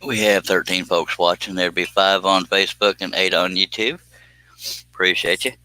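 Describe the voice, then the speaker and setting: A man's voice: low voice, normal speed, no echo, low-quality recording. Sleepy man chatting on a stream. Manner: relaxed, rambling, reads chat comments aloud. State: sleepy, yawning. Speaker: live-stream host. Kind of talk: casual live-stream chat.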